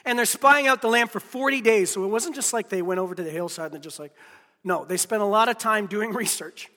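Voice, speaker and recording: Bright, high-voiced male preacher. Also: fairly quick, long reverb tail. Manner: emphatic, repeats key phrases; addresses listeners directly. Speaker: pastor. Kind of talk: sermon.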